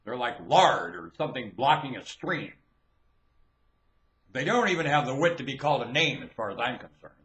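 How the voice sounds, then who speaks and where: A man delivering a rambling, preachy monologue rant into a webcam, swinging from low muttering to loud shouting. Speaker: webcam vlogger.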